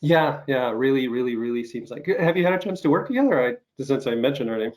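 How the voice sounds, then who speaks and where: A man's voice: mid-range voice, animated, quick pace. A man hosting an interview over a video call while getting over covid, talking in loose rambling sentences full of fillers and restarts. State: recovering from covid, some coughing. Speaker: podcast host. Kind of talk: casual interview chat.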